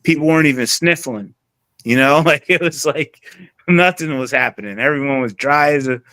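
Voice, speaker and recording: Brief: casual male guest, medium pitch, loose rambling chat, dry close mic. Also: moderate pace, pushed and bright, no echo. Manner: rambling, many fillers and restarts. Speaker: interview guest, music producer.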